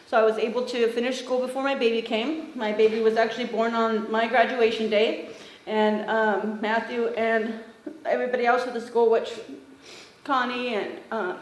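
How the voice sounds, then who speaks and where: A middle-aged woman from Northern California gives a conversational tribute at a memorial, with frequent fillers and restarts. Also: fairly high pitch. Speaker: former student giving a eulogy. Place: memorial gathering in a roomy hall. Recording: roomy echo with faint ambient noise.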